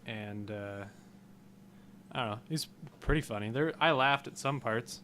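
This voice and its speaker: A man's voice: mid-range voice, a little slow, slight background noise. Rambling man on a casual podcast. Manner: rambling, animated when retelling jokes. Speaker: podcast co-host. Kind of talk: casual chat.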